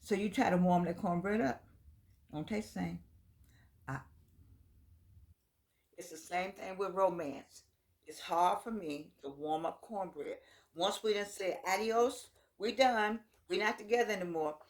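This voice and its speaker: A woman's voice: medium pitch, unhurried, pauses often. Chatty older Southern woman vlogger. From United States. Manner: chatty, folksy, digressing, with laughs. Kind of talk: casual talk to camera.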